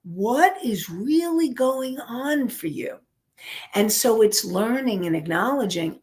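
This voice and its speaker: Woman, life coach, online class, slow pace, repeats herself while explaining. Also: a little high, animated, darkish tone. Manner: unhurried, repeats and restarts phrases while explaining.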